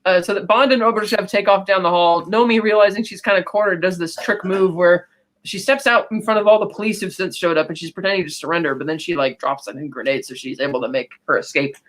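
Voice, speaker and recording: Brief: fast-paced podcast co-host, casual rambling recap, mid-pitched, tosses in quick acted-out quotes. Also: fairly bright tone.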